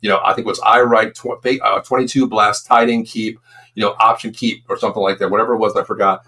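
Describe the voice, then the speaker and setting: A man's voice: fairly low pitch, fairly even intonation, quick pace, sharp tone. A man in his fifties, a former football coach, co-hosting a casual sports talk show and telling long, emphatic stories. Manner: emphatic, rambling storyteller.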